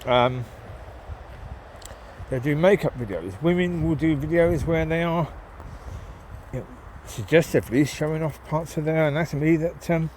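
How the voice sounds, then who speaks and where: Out walking his dogs in the woods, a man with a nasal, somewhat high, darkish voice rambles casually at normal speed, filling the talk with ums and calling out to the dogs. It's a relaxed walk-and-talk monologue with slight background noise.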